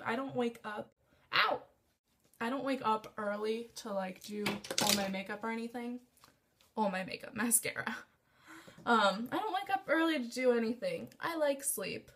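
A young woman vlogging at home, chatting in a rambling, self-deprecating way while she does her makeup. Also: a little high. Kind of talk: casual makeup vlog.

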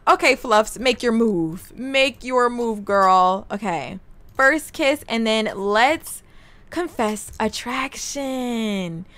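A lively young woman plays a game as a gaming YouTuber, giving casual let's-play commentary. Chatty and excitable, she talks to viewers and her characters in a slightly high voice at a slow pace.

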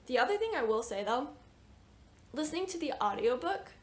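A woman's voice: high-pitched, very animated, a little fast. Chatty, gushing woman. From United States. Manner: chatty and gushing, with frequent fillers and exclamations. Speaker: book reviewer. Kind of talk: casual book review vlog.

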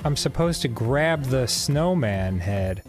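A man's voice: medium pitch, lively intonation, takes it slowly, soft background music. A man co-hosting a gaming show, giving casual gameplay commentary, exasperated, swearing often and laughing a lot.

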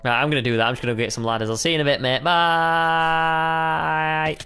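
A man's voice: a little high, flat delivery, fairly quick, pushed and bright, smooth, faint music behind. A young man chatting playfully while co-hosting a Minecraft let's play, often calling his partner mate. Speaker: gaming co-host.

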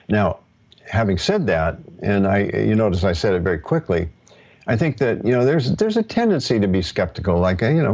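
A man with a very deep, gravelly voice answers questions in a live teaching session, relaxed and reassuring. There is a husky edge to his tone, and the audio is dull and lo-fi. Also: brisk. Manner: relaxed, reassuring, with many fillers. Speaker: teacher of ancestral practice.

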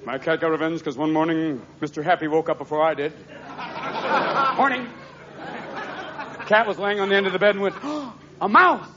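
High-voiced man doing rapid stand-up comedy. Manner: rapid animated delivery, jumping into character voices. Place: live comedy stage before an audience. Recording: muffled live recording, crowd laughter and noise.

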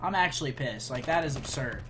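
Casting: young gamer man, bright sharp voice, fast trash-talk over gameplay with a faint hiss behind. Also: mid-range voice. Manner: hyped, trash-talking, swings from calm play-by-play to loud outbursts. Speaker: gaming YouTuber. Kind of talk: live gameplay commentary.

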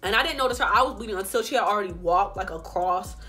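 A young woman telling a story straight to her viewers, animated and full of profanity. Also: mid-range voice, quick pace, soft background music. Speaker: vlogger. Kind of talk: storytime vlog.

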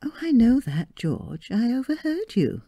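Woman reading as a coy young bride, soft and teasing, lilting and higher than her narration, bone-dry room. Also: sing-song, slow, dry recording. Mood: demure, teasing. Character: young bride, demure and playful.

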